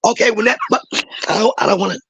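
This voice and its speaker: A hoarse woman with a raspy voice, a caller in a chat room giving an emotional, impassioned opinion and breaking into shouts. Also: mid-range voice, fast, dry recording, poor audio. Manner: emotional, apologetic, bursts into shouting.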